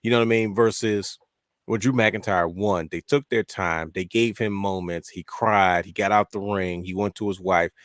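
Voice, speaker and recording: A man's voice: on the low side, steady tone, moderate pace, fairly bright tone, no echo, clean studio sound. A man co-hosting a podcast in casual chat, telling stories with animation and acting out his own reactions. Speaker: podcast co-host.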